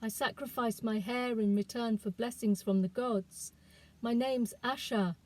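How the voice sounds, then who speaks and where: A woman's voice: fairly high pitch, steady tone, measured pace, darkish tone, voice pushed up, close to an everyday voice. A woman reading the lines of a determined young village girl on a desperate journey, in an urgent, pleading voice. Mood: earnest.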